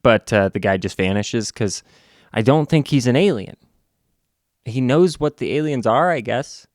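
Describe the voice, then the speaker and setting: A man reviewing a comic book in a casual recap, halting and restarting, with sarcastic asides. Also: mid-range voice, animated, a little mellow, dry recording, clean studio sound.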